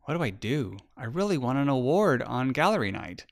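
A man reading a storybook aloud, voicing a young girl who sounds unsure and earnest, with a gravelly edge. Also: mid-range voice, big pitch swings, brisk.

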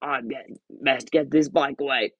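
A man's voice: mid-range voice, steady tone, a little slow, a bit bright, slightly rough, no room sound, highs cut off. A man reading as Hagrid, stammering and tearful. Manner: sobbing, stammering. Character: huge tearful male half-giant groundskeeper.

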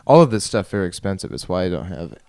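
Young male podcast host, deep and smooth voice, rambling and self-mocking, laughs a lot, dry close mic. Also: expressive, fast talker, a little mellow, no room sound. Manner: self-deprecating, laughs often, trails off and restarts. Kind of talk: rambling solo podcast monologue. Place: bedroom. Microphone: studio microphone at a computer.

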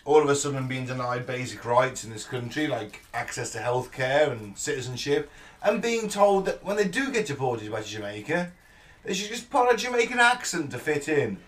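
A man's voice: medium pitch, animated, a bit bright, recorded from a distance. Sweary man, slightly off-mic. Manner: sweary, rambling, quick to agree. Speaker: podcast co-host. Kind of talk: casual chat.

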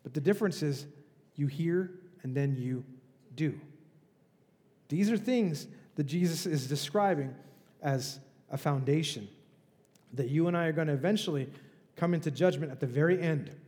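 A man's voice: a little high, moderate pace, darkish tone, in a large hall. A male pastor preaching a sermon in a conversational, emphatic way, with rhetorical questions. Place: church.

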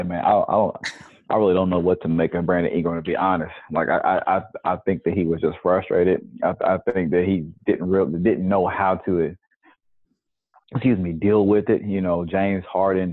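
A man in his forties with a very low voice talks sports on a podcast, giving his opinions at length in a measured way. He comes through a thin, phone-like line. The sound is dry, with no room echo. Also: steady tone. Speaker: podcast co-host. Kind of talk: casual sports chat.

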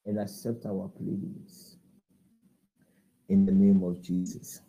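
A pastor at an evening service, earnestly exhorting the congregation and leading prayer. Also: male voice, low-pitched, little pitch movement, takes it slowly, mellow, poor audio.

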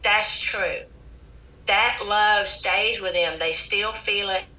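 A Southern American woman, a psychic medium as a podcast guest, talking in an earnest, gentle spiritual way with frequent restarts. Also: mid-range voice, steady tone, slow. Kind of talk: casual interview talk. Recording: echoey room, distant from the mic.

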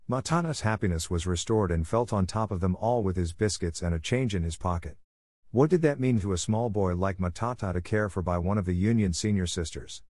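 A man narrating a storybook tale in a steady, unhurried reading voice. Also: low-pitched, dry recording, clean studio sound.

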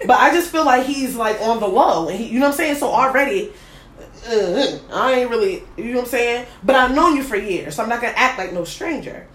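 A woman hosting a casual chat and telling a lively, slangy story about a date. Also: on the high side, fairly quick, echoey room. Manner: animated, slangy, laughing storyteller. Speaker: host.

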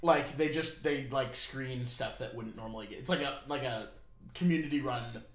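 A young man jokes and swears freely in casual podcast chat, teasing his co-host. His voice is bright and forward. It echoes around the room. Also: medium pitch, normal speed. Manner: joking, profane, teasing.

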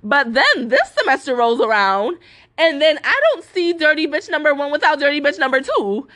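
Young woman ranting on her podcast, cussing a lot, high bright voice. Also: sing-song, moderate pace. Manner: cussing, heavy filler "like", quotes others in put-on voices. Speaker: podcast host. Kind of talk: casual rant.

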